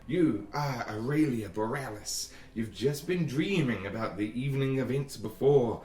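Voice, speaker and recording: A man narrating as dungeon master in a tabletop game, rambling loosely with frequent restarts. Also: mid-range voice. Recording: echoey room, far from mic.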